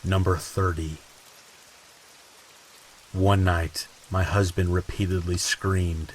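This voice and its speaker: Deep, slow male horror narrator. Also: little pitch movement, rough recording. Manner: low, slow, ominous reading. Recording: faint hiss and rain sounds behind. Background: rain ambience.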